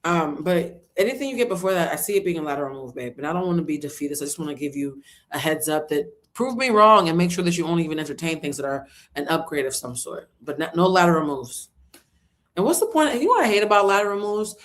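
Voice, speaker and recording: A loud, animated woman hosts a casual livestream tarot reading. She swears freely and keeps breaking into bits of song as she reads the cards. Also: sits low, fast talker, few pauses. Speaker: tarot reader.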